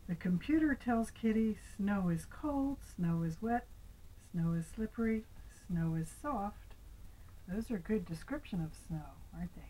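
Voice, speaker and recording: An older woman reading a picture book aloud to her grandchild, gentle, asking the child little questions, sometimes dropping into a whisper. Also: medium pitch, lively intonation, measured pace, rough recording.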